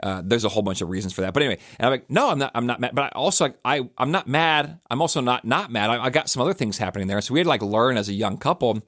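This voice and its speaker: A man's voice: medium pitch, very fast, few pauses, fairly bright tone, dry recording, clean studio sound. A podcast host, a man likely in his thirties, talking in a casual, rambling reflective monologue with frequent restarts and fillers.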